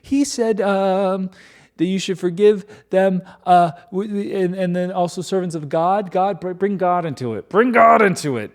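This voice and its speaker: A man's voice: sits high, voice pushed up. A man putting on the voice of guilty brothers, pleading and fumbling as they plead for forgiveness. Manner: mock-pleading, halting. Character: exasperated ancient brothers, pleading and wheedling.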